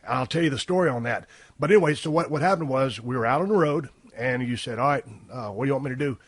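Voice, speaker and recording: A man telling rough, profane, animated stories in a casual podcast chat. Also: mid-range voice, fast talker, dry recording. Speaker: podcast host. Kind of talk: casual storytelling conversation.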